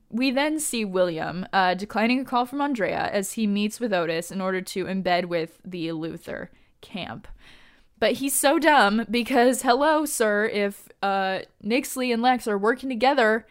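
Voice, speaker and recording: A woman giving a casual fan recap of a TV episode, excited and gushing, with lots of fillers and laughter. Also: on the high side, unhurried.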